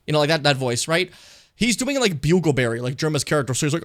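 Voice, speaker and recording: A man's voice: fairly high pitch, animated, quick pace. A young adult man streaming, reacting to his old videos in a rambling, profane, self-mocking way.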